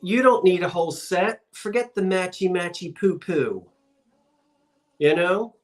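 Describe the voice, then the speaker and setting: A man's voice: sits high, lively intonation, unhurried. A man hosting a live online auction of antiques, playful and chatty, joking as he counts down bids.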